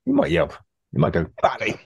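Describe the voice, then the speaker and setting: A man's voice: low voice, fast talker, darkish tone, no echo, clean studio sound. A man co-hosting a podcast, recapping an episode in a laid-back, chatty way with fillers and laughs. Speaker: podcast co-host. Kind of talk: casual chat recapping an episode.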